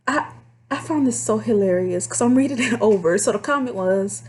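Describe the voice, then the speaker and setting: Woman, casual storytelling vlog, animated and chatty, warm mellow voice, faint noise behind. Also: medium pitch, brisk. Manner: chatty, animated, addresses viewers as y'all. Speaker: vlogger telling call-center stories.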